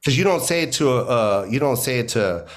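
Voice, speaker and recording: Being interviewed as a guest, this middle-aged comedian from the United States talks briskly and expressively at a medium pitch. The conversation is animated and emphatic, dotted with plenty of "you know"s.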